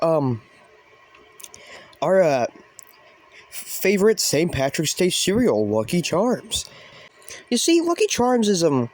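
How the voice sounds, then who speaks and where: A man's voice: medium pitch, a little mellow. A man hosting a comedy show, talking in a rambling, hesitant way with many ums and uhs. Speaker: host.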